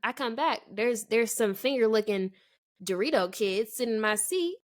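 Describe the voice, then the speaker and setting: A woman in her twenties tells a story on a casual chat podcast. Her pitch swings widely as she acts out the people she quotes, and her voice sits a little high. She laughs often along the way. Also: animated, moderate pace. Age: 20s. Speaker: podcast co-host.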